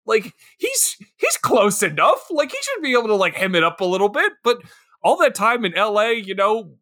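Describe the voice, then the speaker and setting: Animated male movie-podcast co-host. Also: sits high, normal speed, no room sound, clean studio sound. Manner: animated, mocking, jumps into goofy impressions. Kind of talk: casual movie review chat.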